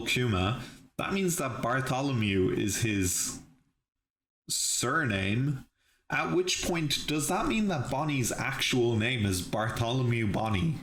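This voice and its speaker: A man's voice: mid-range voice, vocal fry, fairly bright tone. A man hosting a live reaction, recapping and musing aloud with frequent restarts and laughs. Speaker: channel host reviewing episodes. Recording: echoey room with faint hiss.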